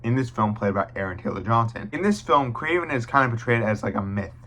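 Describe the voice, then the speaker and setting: A man's voice: medium pitch, lively intonation, quick pace, fairly bright tone. A young man giving a casual film review to his viewers, blunt and profane, often restarting his sentences.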